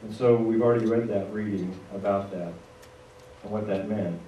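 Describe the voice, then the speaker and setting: A man's voice: on the low side, steady tone, normal speed, highs cut off. A man preaching a sermon as pastor, talking in a conversational way with asides to the congregation. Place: church sanctuary. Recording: echoey room, voice from a distance, faint noise.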